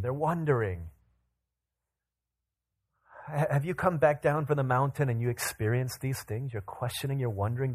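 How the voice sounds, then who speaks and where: A man in his thirties preaching a sermon, telling Bible stories with lively acted-out quotes. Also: medium pitch, husky. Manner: animated storytelling, acts out quotes in bursts. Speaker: pastor.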